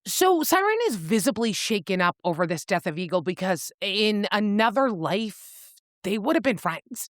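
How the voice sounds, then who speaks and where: Podcast co-host, woman, expressive storyteller, dry close sound, swings her pitch all over. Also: moderate pace, hardly any pauses, no echo. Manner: animated storyteller, swears freely, acts out quotes with pitch jumps. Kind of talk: casual book recap chat.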